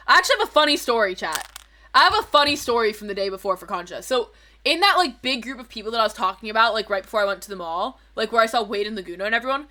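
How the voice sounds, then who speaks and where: A woman's voice: on the high side, sharp tone. A woman streamer chatting casually to her viewers, telling a rambling story, swearing freely and correcting herself as she goes.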